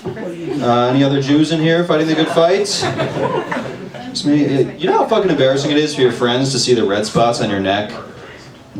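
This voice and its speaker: A man's voice: mid-range voice, lively intonation, normal speed, pauses often. A man doing open mic stand-up, nervous and self-deprecating, chatting with the audience. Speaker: stand-up comedian. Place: small bar venue with audience. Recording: echoey room with crowd, mic far off.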